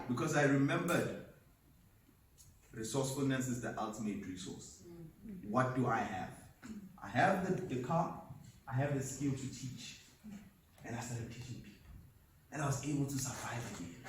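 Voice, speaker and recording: A man's voice: a little high, a little mellow, a little hiss or hum. A man giving an emphatic, storytelling talk at a seminar, recorded from a distance in an echoey hall. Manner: storytelling, emphatic, laughs at himself. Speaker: motivational speaker. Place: seminar venue.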